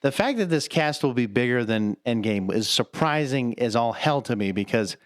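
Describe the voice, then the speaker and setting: A man's voice: medium pitch, lively intonation, normal speed, no room sound. Rambling, cursing podcast guy, dry sound. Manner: loose, swearing, rambling with many fillers. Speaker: podcast co-host. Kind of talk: casual chat.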